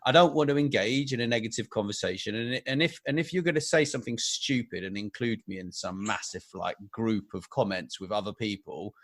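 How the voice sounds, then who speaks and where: Blunt podcast host, dry sound. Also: male voice, fairly low pitch, a little fast, few pauses, dry recording. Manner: blunt, straightforward advice. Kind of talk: casual chat.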